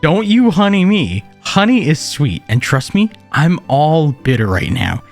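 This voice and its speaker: A man's voice: fairly high pitch, big pitch swings, measured pace, faint music behind. A man voicing a fed-up, bitter young peasant wife, reading game dialogue aloud in a sarcastic rant. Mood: exasperated. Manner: sarcastic ranting.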